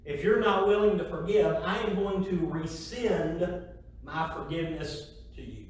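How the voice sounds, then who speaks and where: A middle-aged man delivers a sermon in a high-pitched voice, driving his points home by repeating phrases and tossing rhetorical questions to the pews. He sounds distant from the microphone, his words ringing through a very echoey hall over a faint hiss. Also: a little slow, a little mellow. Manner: emphatic, repeats key phrases, asks rhetorical "right?". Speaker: preacher. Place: church sanctuary. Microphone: distant mic.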